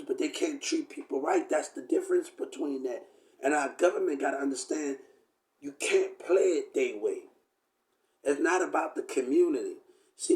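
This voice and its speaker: A man's voice: a little high, darkish tone. A man ranting to his viewers in a rambling, preachy way, repeating himself and speaking to them directly. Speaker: vlogger. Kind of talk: rambling direct-to-camera rant.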